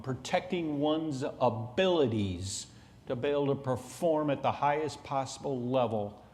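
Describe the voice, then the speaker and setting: Middle-aged man telling his story in a hall. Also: medium pitch. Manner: dramatic, swings from hushed to loud. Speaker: keynote speaker. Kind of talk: motivational storytelling speech. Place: large conference hall. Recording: echoey hall.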